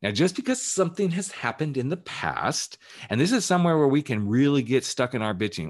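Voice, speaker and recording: A man's voice: mid-range voice, very animated, brisk. A man who works as a life coach, giving a candid, emphatic motivational talk on his podcast and swearing casually as he goes.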